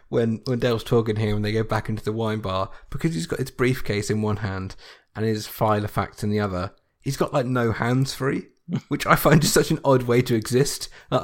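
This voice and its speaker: A man co-hosting a podcast, bantering wryly and swearing casually while recapping a sitcom. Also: fairly low pitch. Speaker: podcast co-host.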